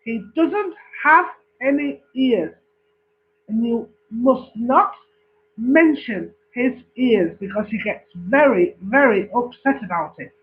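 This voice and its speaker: A man puts on a stern father giving his son a solemn warning. The voice sits high and unhurried. It comes through a thin, phone-like recording. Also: lively intonation, full character voice.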